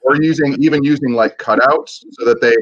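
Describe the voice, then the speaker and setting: A man's voice: medium pitch, brisk, fairly bright tone. A man co-hosting a casual chat, musing and telling a strange story. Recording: dull lo-fi sound.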